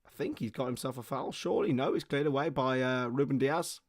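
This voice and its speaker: A young man giving excitable live football play-by-play on a stream, his voice starting to go hoarse, greeting viewers between plays. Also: medium pitch, brisk, dry recording, clean studio sound. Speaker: football watchalong host.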